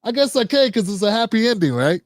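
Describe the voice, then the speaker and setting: A man's voice: high-pitched, sing-song, fast, no room sound, studio quality. A man hosting a livestream show, reading out viewer comments and signing off in a loose, slangy, chatty way. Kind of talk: casual sign-off and comment shout-outs.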